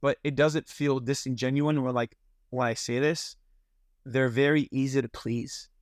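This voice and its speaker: A young man telling a story in casual chat as a podcast guest, animated, with lots of fillers and slang. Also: medium pitch, unhurried, dry recording, clean studio sound.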